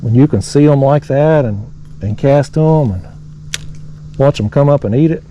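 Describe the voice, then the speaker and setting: A man's voice: medium pitch, moderate pace, warm tone, lo-fi sound, slight background noise. A man casually narrating his fishing from a kayak on a lake, rambling folksily and talking to his viewers. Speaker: fishing vlogger. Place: kayak on a lake below a dam, outdoors.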